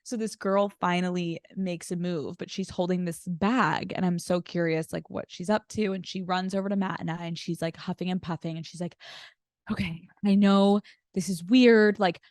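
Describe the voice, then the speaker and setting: A woman guest in casual podcast chat, telling animated stories and acting out quoted lines in different voices. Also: fairly low pitch, fairly quick, hardly any pauses, no room sound, studio quality.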